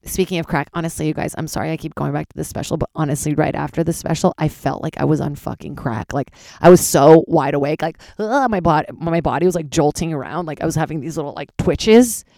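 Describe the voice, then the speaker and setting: Tired woman comic with vocal fry. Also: low voice, fast, hardly any pauses, mellow, dry recording, clean studio sound. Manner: candid and loose, swears freely. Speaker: stand-up comedian and podcast host. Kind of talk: casual solo podcast chat. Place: closet.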